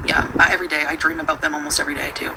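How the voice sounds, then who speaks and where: A woman's voice: low-pitched, flat delivery, rapid-fire. Rambling woman livestreaming at home. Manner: rambling, chatty, with frequent laughs and fillers. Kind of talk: casual livestream chat. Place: at home with her pets. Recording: noisy home stream recording.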